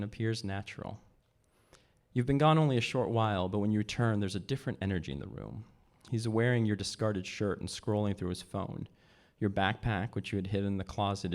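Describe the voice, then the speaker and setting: A man reading aloud from his own novel at a live event, measured, lifting his voice for the characters' lines. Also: a little mellow. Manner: measured, voices dialogue with pitch jumps.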